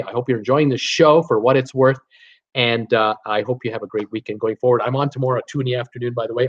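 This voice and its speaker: A man hosting a live stream, reading viewer chat aloud and answering in a chatty, rambling way, often laughing. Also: medium pitch. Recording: dull lo-fi sound.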